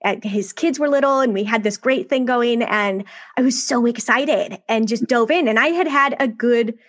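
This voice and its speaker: A woman in her thirties speaks with a slightly raised pitch as a podcast guest. She tells her story candidly and animatedly, full of small asides, in a relaxed conversational manner. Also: normal speed.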